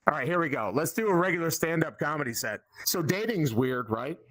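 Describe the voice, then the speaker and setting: A man in his forties from Boston doing loud, profane improvised stand-up from his spare bedroom, teasing the crowd. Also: a little high, expressive, fairly quick, low-quality recording. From Boston, Massachusetts. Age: 40s. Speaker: amateur stand-up comic at a VR community event.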